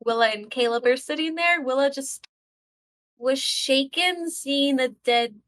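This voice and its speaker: Bright-voiced chatty woman player. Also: high-pitched, unhurried. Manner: chatty, hesitant. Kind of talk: playing a tabletop game.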